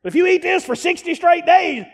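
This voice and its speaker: A man preaching a sermon as pastor, emphatic and repetitive, rising into shouts to drive points home. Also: very high voice, fairly quick, vocal fry. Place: church sanctuary. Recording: long reverb of a large church hall.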